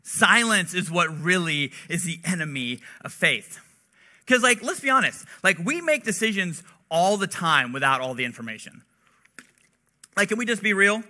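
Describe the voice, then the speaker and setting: Bright, high-voiced young preacher man. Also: expressive, moderate pace. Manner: chatty, relatable, heavy use of "like". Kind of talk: casual conversational sermon.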